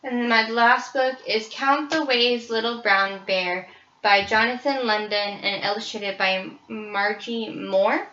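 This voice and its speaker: A woman's voice: fairly high pitch, steady tone, a little slow, bright, forceful tone, distant mic. A young woman casually presenting children's books, with frequent ums. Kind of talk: book review presentation. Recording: roomy, slightly dull recording.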